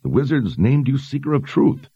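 Guy doing a stern lady sergeant, calm and firm, bit husky, kinda dull sound. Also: medium pitch, normal speed, dry recording, pitched above the performer's own voice. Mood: incredulous. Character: stern, commanding woman sergeant of the guard.

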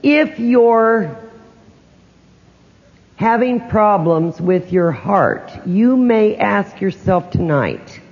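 A man's voice: high voice, sing-song, very slow, gravelly. An older man speaking as a psychic to an audience, telling personal stories and asking them rhetorical questions in a conversational way. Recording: dull lo-fi recording in a reverberant hall.

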